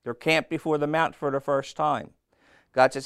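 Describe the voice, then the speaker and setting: A man preaching a sermon, telling a story with lively, playful asides and asking his listeners questions. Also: fairly high pitch, moderate pace, vocal fry, clear, resonant tone, no echo, clean studio sound. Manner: animated storytelling, acting out voices, asks the crowd questions.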